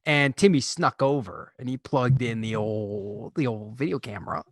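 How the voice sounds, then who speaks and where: A man's voice: mid-range voice, moderate pace, no echo. Man, podcast co-host, casual film recap, acts out characters, dry close sound. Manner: animated storyteller, acts out characters' lines.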